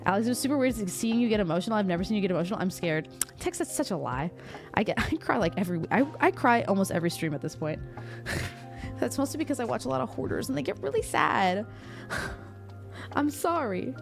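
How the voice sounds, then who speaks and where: A woman's voice: mid-range voice, very animated, fast, creaky, faint music behind. A woman streamer chatting casually and jokingly with her live chat and reading out their messages into a desktop mic.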